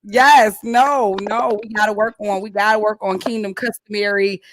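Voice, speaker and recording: A woman's voice: mid-range voice, fairly even intonation, normal speed, crowd noise. A woman hosting a casual church youth show, chatting playfully with a lot of laughter and preachy asides. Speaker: host.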